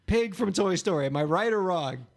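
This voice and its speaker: Incredulous high-pitched podcast host. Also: male voice, expressive, normal speed, gravelly. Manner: incredulous, exasperated reactions. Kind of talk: comedic podcast banter.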